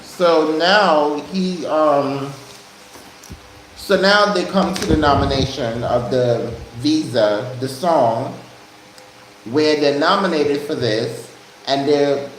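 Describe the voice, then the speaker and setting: A man's voice: a little high, slow. A man casually retelling a TV episode's plot in a rambling way, with many restarts. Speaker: show recap host. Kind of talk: casual TV recap chat. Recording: very echoey room, faint noise.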